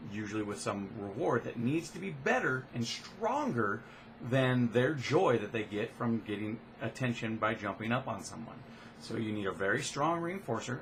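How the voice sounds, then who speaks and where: Dog trainer, male, mid-pitched, talks through training steps casually. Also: creaky, a little hiss or hum. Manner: relaxed, explains plainly with frequent uh fillers. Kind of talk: casual instructional talk.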